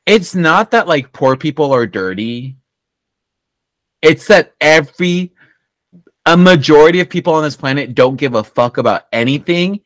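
Animated higher-voiced man ranting. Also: moderate pace, dry recording. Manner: blunt, swears freely, ranting. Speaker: podcast co-host. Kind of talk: casual chat.

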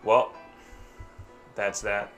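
A man's voice: on the low side, flat delivery, very slow, fairly bright tone, faint music behind. A man hosting a casual podcast at home, chatting loosely and often trailing off with hesitant asides. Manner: hesitant, trailing off with "I don't know". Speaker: podcast host. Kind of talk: casual chat. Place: home, watching TV while recording.

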